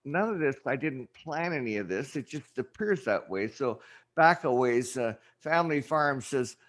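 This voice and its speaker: A man hosting a casual livestream chat, rambling and halting with many fillers. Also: mid-range voice, expressive, fairly bright tone. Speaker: show host.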